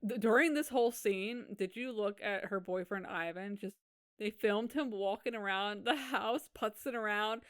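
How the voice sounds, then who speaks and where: A woman's voice: medium pitch, normal speed, smooth, no room sound. Woman cohost going 'oh my god' at everything, dry close mic. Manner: reactive, incredulous, laughs along. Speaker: podcast co-host. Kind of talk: casual recap chat.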